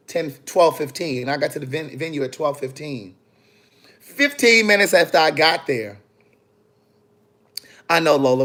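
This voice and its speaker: A man, an author, chatting on a phone livestream in a sassy, animated way, talking straight to his viewers. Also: medium pitch. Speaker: author hosting a live video. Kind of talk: casual livestream chat. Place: in the city after a book event.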